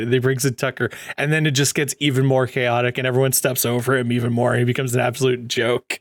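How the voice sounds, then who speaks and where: Male podcast co-host, playful and laughing a lot, mid pitch, dry close mic. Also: flat delivery, fast talker, no echo. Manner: laughs often, rambling and playful. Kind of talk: casual chat.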